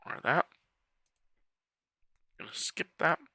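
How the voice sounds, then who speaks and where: A man's voice: slow, bright, forceful tone, no echo. A man giving casual, chatty commentary over a strategy game, muttering to himself as he clicks through menus, with the hiccups. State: has the hiccups. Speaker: game walkthrough creator.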